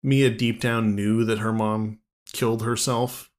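A man's voice: fairly low pitch, flat delivery, a little slow. Joking man chatting about a movie. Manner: jokey, slips into silly voices. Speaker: podcast host. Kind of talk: casual movie discussion chat.

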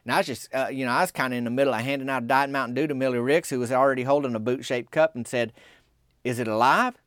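A man's voice: fast, a bit bright, dry recording, studio quality. Folksy man spinning a story. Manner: rambling Southern small-town drawl, voices quoted folks by raising pitch. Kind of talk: folksy comic storytelling monologue.

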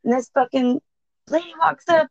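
A woman in her thirties co-hosts a podcast, telling a story in casual chat that's packed with swearing and laughter. Her voice is high-pitched and gravelly at a normal speed, and she's an animated, profane storyteller who keeps laughing. The recording is dry, dull and lo-fi.

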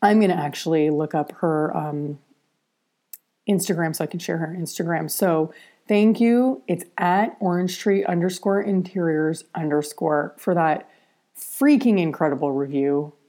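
A woman's voice: low voice, unhurried, dark tone. Candid, salty-mouthed woman podcast host. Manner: candid and blunt, swears freely, chatty with many fillers. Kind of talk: casual podcast chat.

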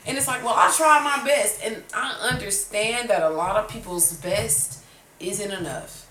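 A woman in her twenties hosting a casual podcast chat, telling a story animatedly with lots of swearing and acted-out outbursts. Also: mid-range voice. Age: 20s. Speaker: podcast host. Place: room at a kitchen table. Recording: roomy sound, from far off the mic, faint noise.

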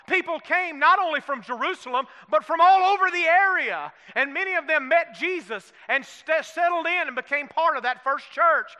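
Echoing with long hall reverb through a church sanctuary, a man with a Southern US accent preaches in a folksy style, prompting amens and posing questions to the room. His pitch is extremely high, and his voice sounds pushed and bright.

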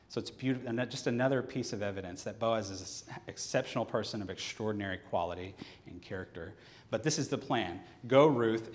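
Pastor preaching in a reverberant church hall. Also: male voice, on the low side. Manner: animated storyteller who acts out the scripture dialogue. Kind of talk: sermon. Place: church sanctuary during a service. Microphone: handheld or headset microphone.

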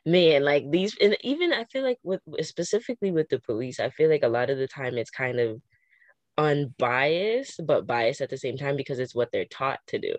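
A young woman in casual conversation, talking in an animated way with quick restarts and frequent laughter. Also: a bass voice, no echo.

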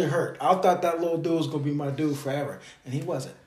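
A man in his thirties, a podcast co-host in casual chat, telling stories with jokes and a deadpan streak. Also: on the high side, fast talker. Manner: animated, joking storyteller with a deadpan streak. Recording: echoey room.

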